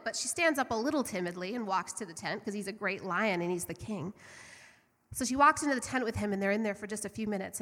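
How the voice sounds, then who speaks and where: A woman's voice: mid-range voice, gravelly, a bit bright. A middle-aged woman telling a story in a conversational sermon, earnest and fervent. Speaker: church speaker. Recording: long hall reverb.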